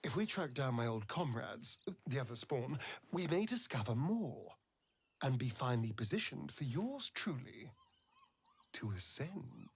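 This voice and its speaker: A man's voice: medium pitch, very animated, measured pace, slightly rough, full character voice. An actor playing a vain, scheming male vampire spawn elf who speaks in a silky, dramatic way, savoring his words, in a video game.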